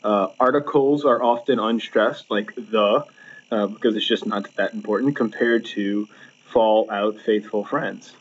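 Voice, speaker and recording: A man's voice: lowish voice, fairly even intonation, normal speed, highs cut off. A man teaching from slides at home, explaining patiently with many fillers and restarts. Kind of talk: recorded slideshow lecture. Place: home, with a laptop.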